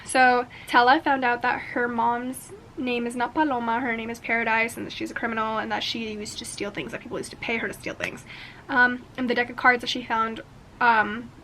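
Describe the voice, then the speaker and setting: A young woman chatting casually in a reading vlog, excitable, gasping and swearing as she reacts. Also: on the high side, a little fast, slight background noise. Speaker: book vlogger.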